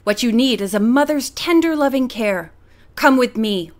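A woman's voice: fairly high pitch, expressive, normal speed, close to an everyday voice. A woman voicing a scheming middle-aged foster mother who speaks in a cloying, falsely tender way. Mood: falsely sweet.

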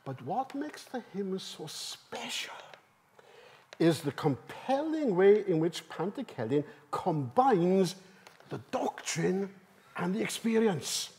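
A man giving a conference seminar talk. He is emphatic and lively and often turns questions to the audience. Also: sits high, slow, a little hiss or hum. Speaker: seminar speaker. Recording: live talk in a hall.

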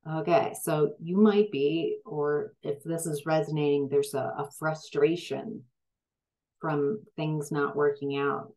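A woman's voice: deep voice, steady tone, slow pace, warm tone, low-quality recording. A woman giving a tarot reading, hesitant and full of fillers and restarts, growing emphatic at times. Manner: gets emphatic when frustrated. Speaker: tarot reader.

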